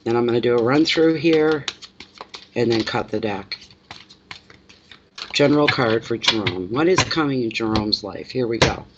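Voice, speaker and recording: A woman's voice: very deep voice, normal speed, long pauses, highs cut off, background noise. A middle-aged woman reading tarot live from home, chatty and rambling as she talks to viewers. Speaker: tarot reader. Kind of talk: casual live reading chat. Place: home at night.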